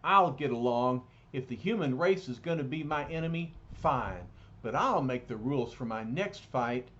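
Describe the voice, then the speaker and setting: A man reading as Beast, soft-spoken and formal. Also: medium pitch, expressive, moderate pace, lightly acted. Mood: bitter. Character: brainy, gentle young male mutant hero. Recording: slightly dull, lightly noisy recording.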